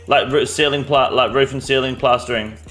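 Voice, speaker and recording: Aussie bloke streaming, sweary blunt chat with viewers, medium voice, little music in the back. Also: male voice, mid-range voice, steady tone, fairly quick, a bit bright. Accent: Australian. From Australia. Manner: blunt, profane, answers chat questions. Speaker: game streamer. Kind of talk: casual live-stream chat.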